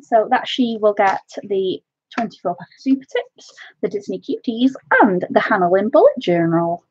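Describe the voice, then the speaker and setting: A woman's voice: medium pitch, animated, moderate pace, highs cut off, a little hiss or hum. A woman from North Wales with a Welsh accent hosts a craft live stream, chatting casually and calling her viewers "my love".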